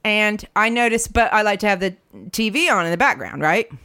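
A woman's voice: medium pitch, a little fast, pushed and bright, smooth. An American woman co-hosting a casual podcast, telling an indignant story with lots of asides. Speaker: podcast co-host.

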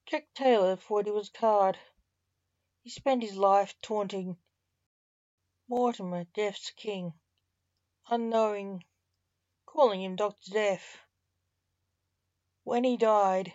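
A woman reading a story aloud as narrator, in a measured, slow manner. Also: medium pitch, a little mellow, dry recording, dull audio. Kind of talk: scripted narration.

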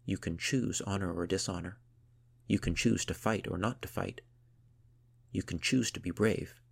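Man doing a stern viking father, deep creaky voice, firm and grave. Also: normal speed, full character voice.

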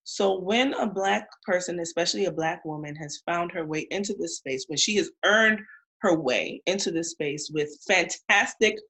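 A woman's voice: fairly low pitch, a bit bright. A woman co-hosting a casual podcast chat, outspoken and emphatic, teasing her co-host. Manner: outspoken, emphatic, quick to tease.

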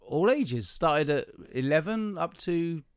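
Chatty southern English man, slightly high voice. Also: animated, slow, smooth, no room sound, studio quality. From southern England. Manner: chatty, teasing, rambling. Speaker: podcast co-host. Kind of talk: casual chat.

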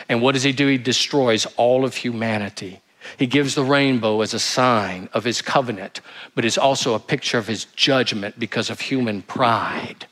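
A man's voice: mid-range voice, fairly bright tone. A male pastor preaching a sermon, emphatic, asking rhetorical questions and reading scripture aloud.

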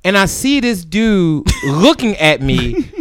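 A man with a Philadelphia accent tells a story in casual podcast chat, his high, bright voice swinging widely in pitch. He is profane and animated and slips into other people's voices when he quotes them. The sound is dry and close. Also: takes it slowly, dry recording. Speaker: podcast co-host.

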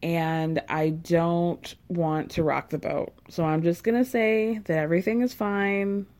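A woman putting on a homesick young fiancée in a shaky foreign accent, tired and worried. The voice stays mellow and soft, and the delivery is slow and drawn out. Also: fairly low pitch, steady tone, pitched below the performer's own voice, close to an everyday voice. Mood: wistful.

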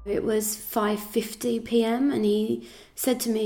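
Woman reading a statement, dark mellow tone, very flat and steady. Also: mid-range voice, normal speed, vocal fry.

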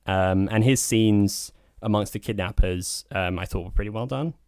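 A man's voice: lowish voice, normal speed, creaky, darkish tone, clear, resonant tone, dry recording, clean studio sound. A man co-hosting a podcast, giving a frank, opinionated film review in a loose, chatty way. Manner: opinionated, talks in loose spoken asides. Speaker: podcast co-host. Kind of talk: casual film review chat.

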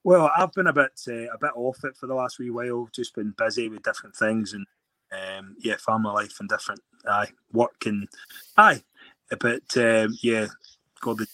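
Bright-voiced rambling Scottish man. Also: lowish voice, no room sound. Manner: rambling storyteller with many restarts. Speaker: guest rugby player. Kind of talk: casual interview chat.

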